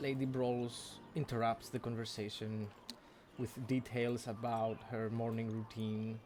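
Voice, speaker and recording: A man's voice: medium pitch, little pitch movement, a little slow, a little mellow, a little hiss or hum. A man narrating as game master in a tabletop game, matter-of-fact.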